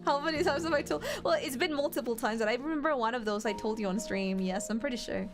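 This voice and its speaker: A woman's voice: on the high side, fast talker, over music. A young adult woman streaming a game, chatting casually with her chat in a rambling, giggly way full of fillers.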